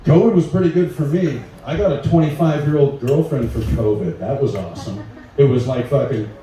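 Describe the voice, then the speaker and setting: A man's voice: mid-range voice, fairly quick, mellow, a little hiss or hum. A man in his forties doing a stand-up comedy set, rambling and profane in a laid-back way. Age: 40s. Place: large echoey room at a live show. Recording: echoey room, voice from far off.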